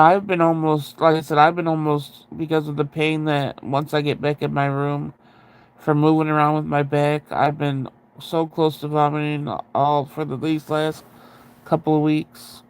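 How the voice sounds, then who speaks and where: This livestream host has a smooth, slightly high voice with vocal fry. Speaking into a sensitive close mic, he rambles casually with his viewers, often restarting sentences and laughing at himself.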